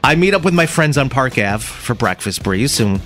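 A man hosting a morning radio show in a studio, telling a story in a casual, animated way with laughs and restarts. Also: mid-range voice, normal speed, faint music behind. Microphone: studio microphone.

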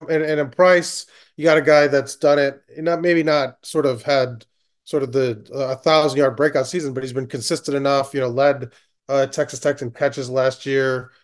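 A man's voice: mid-range voice, flat delivery, normal speed. Hesitant man talking college football. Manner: hesitant, lots of ums and you-knows. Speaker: college football beat reporter. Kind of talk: casual sports chat.

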